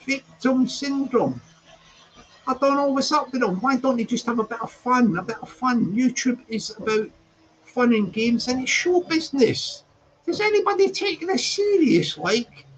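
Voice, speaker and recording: A man chatting casually on a live stream from his flat, repeating phrases and laughing a lot as he greets viewers. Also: extremely high pitch, moderate pace. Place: flat with balcony door open.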